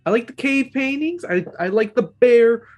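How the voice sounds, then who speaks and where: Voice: medium pitch, expressive, moderate pace. A book club host giving a casual, opinionated video review, rambling and often restarting sentences.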